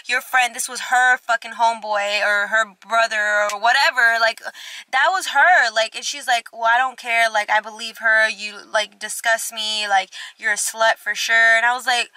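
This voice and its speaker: In a slightly high voice and at a moderate pace, a young woman spins a storytime vlog, swearing often and dramatizing both sides of each dialogue. The sound is dry.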